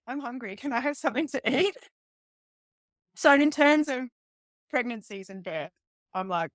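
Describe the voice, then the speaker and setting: A woman's voice: low voice, dry recording, studio quality. A woman, a guest police detective, telling a story in casual talk and acting out the voices of the people in it. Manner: animated retelling, acting out quoted voices with laughs.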